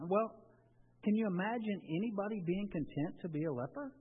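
A man's voice: high voice, fairly quick, slightly rough. A man preaching a sermon in a conversational way, often restarting his phrases. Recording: tinny, phone-like with long reverb.

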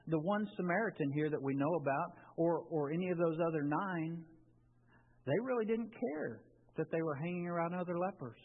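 A man's voice: on the high side, breathy edge. A man preaching a sermon in a conversational way, often restarting his phrases. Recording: tinny, phone-like with long reverb.

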